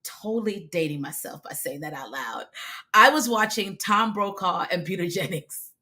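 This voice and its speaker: An emphatic American woman in her forties coaches viewers on a live stream and answers their comments as she goes. Her pitch swings widely and her tone is bright and forward. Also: lively intonation, moderate pace. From United States. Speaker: video visibility coach.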